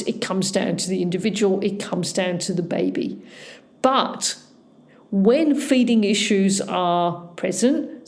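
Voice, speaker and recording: A middle-aged woman dentist hosting a podcast, explaining points one by one in a measured way, with a slightly slushy S sound. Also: medium pitch, darkish tone. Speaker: holistic dentist, podcast host. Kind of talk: informative podcast monologue.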